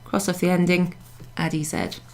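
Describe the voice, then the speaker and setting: A woman's voice: on the low side, flat delivery, normal speed, gravelly, a little mellow. A woman teaching a beginners' French class, explaining patiently step by step and repeating her examples. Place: pub function room, classroom class.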